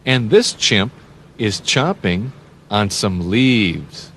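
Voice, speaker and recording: A man hosting a children's read-along, talking slowly with sing-song emphasis and playful animal sounds. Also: on the low side, animated, fairly bright tone, breathy edge. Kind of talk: slow, animated reading to young children.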